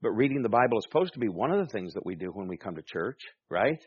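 A man's voice: lowish voice, big pitch swings, quick pace, husky, dry recording, dull audio. A man preaching a sermon as pastor, emphatic, with rhetorical questions and calls for amen.

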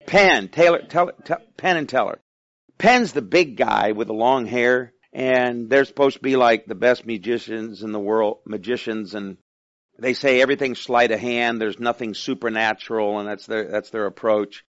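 Male preacher, mid-pitched, talking with the congregation; dry, muffled recording. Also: normal speed, no room sound. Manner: conversational, asks the listeners questions. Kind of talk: sermon.

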